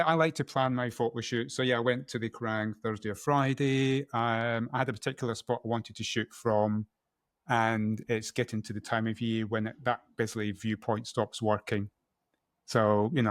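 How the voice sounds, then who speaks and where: A man's voice: mid-range voice, fairly even intonation, fairly quick, dry recording, clean studio sound. A middle-aged man from Scotland, a photographer as guest, talking casually and often correcting himself with a laugh. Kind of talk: casual interview chat.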